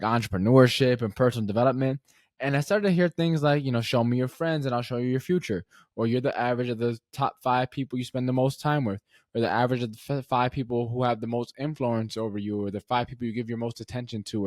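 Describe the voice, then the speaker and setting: A man's voice: medium pitch, no echo, clean studio sound. Casual man hosting a solo podcast. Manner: conversational, fillers like "right?" and "um", asks listeners questions. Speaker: podcast host.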